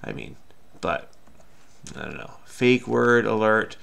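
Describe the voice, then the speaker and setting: A man's voice: on the low side, lively intonation, slow, vocal fry, fairly bright tone. A man hosting a crossword video, talking through his solve in a rambling, self-mocking, chatty way. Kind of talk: casual solo commentary while solving.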